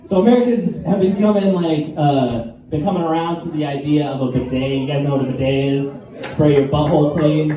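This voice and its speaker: A man's voice: a little high, brisk, few pauses, mellow. A man doing a stand-up comedy set, telling crude stories in a laid-back, profane way. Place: live comedy venue with audience. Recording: echoey room, mic heard from far, crowd noise.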